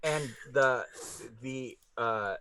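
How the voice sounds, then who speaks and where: Halting man running a tabletop game. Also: mid-range voice, bright, forceful tone, clear, resonant tone. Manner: halting, full of fillers, laughs easily. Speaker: game master.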